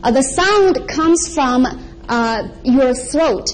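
A woman teaching an elementary language lesson as the show's regular teacher, patiently repeating each sound slowly and clearly for viewers to practice. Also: sits high, animated, a little hiss or hum, low-quality recording. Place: TV studio.

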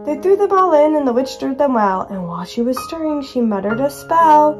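A high-voiced woman reads a rhyming picture book aloud to her young child. Her reading is lively and sing-song, and faint music sits behind her. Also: brisk.

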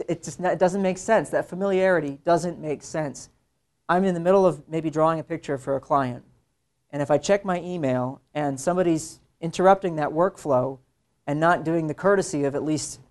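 Chatty man lecturing art students. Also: on the high side. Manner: conversational, animated, mimics voices in quoted asides. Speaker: illustrator giving a talk to students. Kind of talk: casual classroom lecture.

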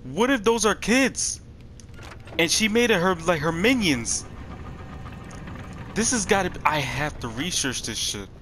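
A young man doing let's play commentary on a horror game, excitable and profane, talking to his viewers and yelping when startled. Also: high-pitched, measured pace, long pauses, a little hiss or hum. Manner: talks to the viewers. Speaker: gaming streamer.

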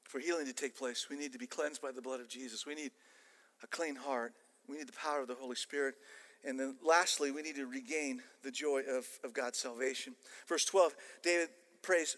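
An older man with an American accent preaching a sermon, animated and emphatic with casual asides. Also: medium pitch, fairly quick. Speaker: pastor. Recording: long church-hall reverb.

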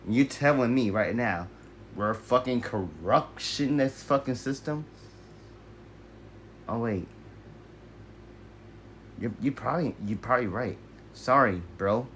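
A man's voice: lowish voice, a bit bright, slight background noise. A man voicing his own brash, combative alter ego in a self-dialogue skit, swearing and firing off rhetorical questions.

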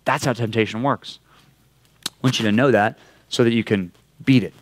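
A man's voice: mid-range voice, normal speed. A young man with a Californian accent preaching a casual sermon to a youth group, conversational and often checking in with "right?". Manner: conversational, keeps asking "right?". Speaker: youth pastor. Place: church youth room.

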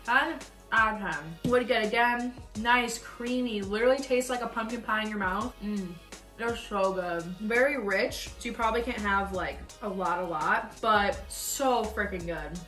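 A young vlogger speaks a little slowly in a mid-range, fairly bright voice while taste-testing food, her comments casual and blunt. There's faint music, and the distant mic catches an echoey room.

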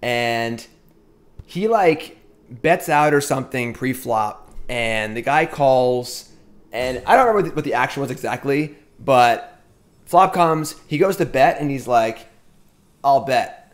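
A man's voice: medium pitch, expressive, measured pace. A middle-aged man telling a rambling story while playing a card game on stream, often breaking off to comment on his moves. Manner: chatty, rambling, self-interrupting. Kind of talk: casual storytelling while gaming.

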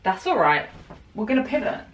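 A woman's voice: medium pitch, big pitch swings, a little fast, recorded from a distance, highs cut off. Chatty young woman, roomy and off-mic. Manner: chatty, lots of "like" fillers, laughing often. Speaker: vlogger styling her friend. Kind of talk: casual chat. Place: indoors at home by a wardrobe. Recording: roomy, off-mic, faint room hum.

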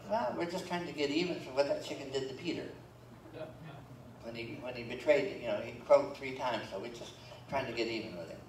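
A brisk, mid-range male voice delivers a sermon from the pulpit of a church sanctuary, mixing scripture readings with folksy humor. The sound is echoey and remote, with a faint hum of the room behind it.

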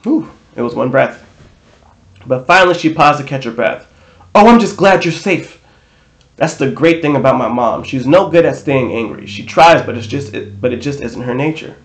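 A man's voice: mid-range voice, a little fast. A man reading a novel aloud in a casual way, now and then correcting himself. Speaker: audiobook reader. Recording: roomy echo.

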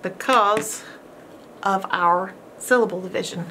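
A woman's voice: medium pitch, takes it slowly, heavy background noise. A woman teaching a homeschool phonics lesson, patiently sounding out each letter and syllable.

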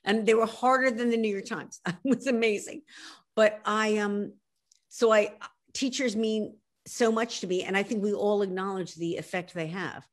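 A woman in her sixties from South Philadelphia, with a Philadelphia accent, talking as a guest author in an animated, emphatic way on a video call. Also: mid-range voice. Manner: animated, emphatic, quick to laugh at herself. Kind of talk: casual interview chat.

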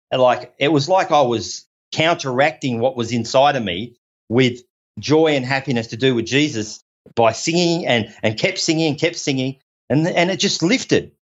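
Aussie guy telling his story on a podcast, earnest and rambly, keeps restarting, kinda muffled lo-fi sound. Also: mid-range voice. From Australia. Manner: earnest, rambling, repeats himself with many restarts. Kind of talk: personal story told in conversation. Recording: dull lo-fi audio.

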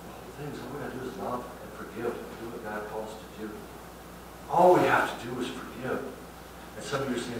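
A man preaching a sermon in a conversational and emphatic way, often swinging between quiet asides and loud stresses. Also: fairly quick, distant mic, a little hiss or hum. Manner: conversational and emphatic, with lively swings of pitch and loudness. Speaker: pastor. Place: church sanctuary. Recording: very echoey hall from afar.

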